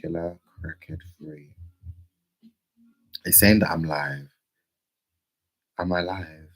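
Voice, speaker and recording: A man chatting casually on a livestream, playful, with sudden loud outbursts. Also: low-pitched, steady tone, takes it slowly, low-quality recording.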